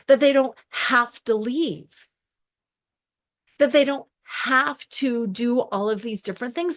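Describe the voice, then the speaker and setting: A woman podcast host and coach talks casually in a slightly high voice. She piles up long spoken lists. She acts out the reactions she quotes.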